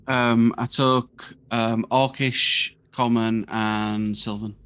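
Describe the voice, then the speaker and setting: Flat-voiced easygoing man at a game table. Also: medium pitch, slow, clear, resonant tone. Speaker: player. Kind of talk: casual chat in a tabletop game.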